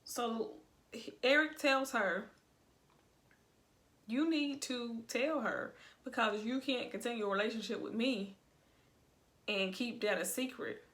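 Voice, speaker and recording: A woman's voice: a little high, slow, pauses often, fairly bright tone. Young woman, sassy, colloquial recap host with a casual chatty delivery. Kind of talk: casual video review.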